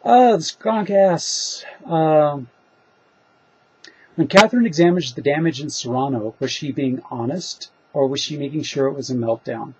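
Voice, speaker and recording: A fiction writer rambles through answers to reader questions, thinking aloud with fillers and making fun of himself. His mid-range voice is slightly mellow and husky, and he talks a bit quickly with few pauses. The lo-fi recording sounds dull.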